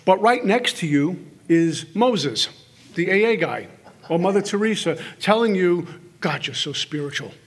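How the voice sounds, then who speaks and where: A middle-aged man speaks to a live audience at a recovery workshop in a hall. His voice sits high and sounds somewhat husky. He tells stories with humor and acts out the voices in his head in quick little scenes. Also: expressive. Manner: storytelling, acts out inner voices with quick asides.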